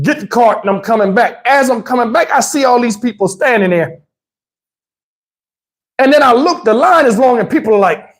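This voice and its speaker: A middle-aged man tells a profane, animated story to his livestream chat. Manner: animated, profane, swings into high voices to mimic others. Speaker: livestream host.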